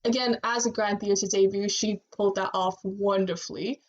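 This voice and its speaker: A woman co-hosting a casual fan podcast, talking in an animated way with frequent laughs and fillers. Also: mid-range voice, normal speed. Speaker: podcast co-host. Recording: muffled lo-fi sound.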